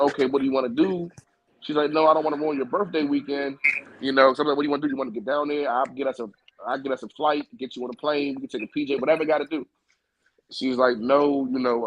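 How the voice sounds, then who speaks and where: A man's voice: mid-range voice, a bit bright, slightly rough, rough recording. Profane storytelling podcast man. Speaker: podcast co-host. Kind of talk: casual podcast chat.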